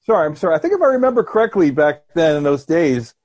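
Fast, husky man chiming in. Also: a little high, very animated, darkish tone. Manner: quick interjections, apologetic when cutting in. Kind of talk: casual chat.

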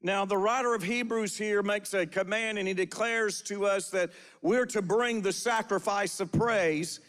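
A man's voice: high-pitched, fairly even intonation, a little slow, a bit bright, long reverb tail. A man preaching a sermon in a church, delivering prophetic declarations and calling on the congregation to respond, often starting phrases with "uh". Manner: repeats phrases with filler "uh", calls for congregation response. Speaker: pastor. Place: church sanctuary.

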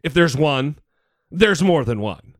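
A man's voice: a little high, lively intonation, slow pace, dry recording, studio quality. A man hosting a podcast, in blunt, profane and teasing casual political chat. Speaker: podcast host.

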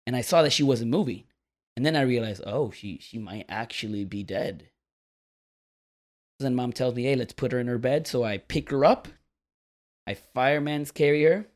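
A man telling a long, rambling story to friends on a podcast, animated and laughing as he goes. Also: medium pitch, a little fast. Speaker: podcast co-host. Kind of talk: casual storytelling among friends.

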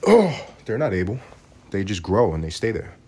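Husky-voiced man ranting on his podcast. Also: on the low side, moderate pace. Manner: animated ranting, swearing, acts out voices. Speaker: podcast host. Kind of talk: solo comedic rant.

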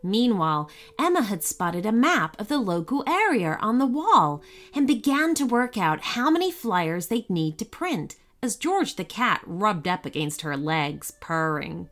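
Lively woman reading a children's story. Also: medium pitch, a little slow, hardly any pauses. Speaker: narrator. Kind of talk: scripted children's story narration.

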